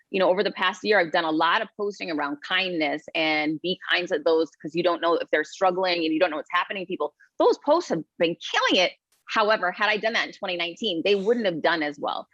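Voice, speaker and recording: A woman guest speaker talking in an energetic, emphatic, upbeat way in a podcast interview. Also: medium pitch, no room sound. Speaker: guest, keynote speaker and author. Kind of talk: podcast interview, motivational storytelling. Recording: dull dry sound.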